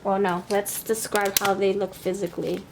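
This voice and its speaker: A woman with a New York accent gives a pick-a-card tarot reading, chatting and thinking out loud as she goes. Her medium-pitched voice stays level at a normal speed, with heavy background noise behind her.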